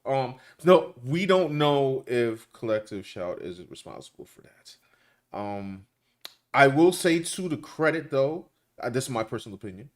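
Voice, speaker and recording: A man co-hosting a casual commentary chat, talking loosely and colloquially with lots of restarts. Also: mid-range voice. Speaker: co-host.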